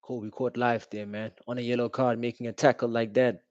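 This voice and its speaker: A young man giving casual, slangy live reaction commentary while watching a football match, calling out the referee loudly. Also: mid-range voice, level tone, fairly quick, dry recording. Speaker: football watch-along streamer. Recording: dull, dry home stream audio.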